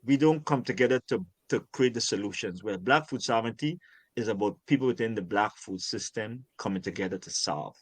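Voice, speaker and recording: A man's voice: on the low side, a little fast, no echo. An older man from Guyana, an urban farmer talking as an interview guest, speaking passionately and emphatically, often repeating words to stress a point. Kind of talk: conversational interview.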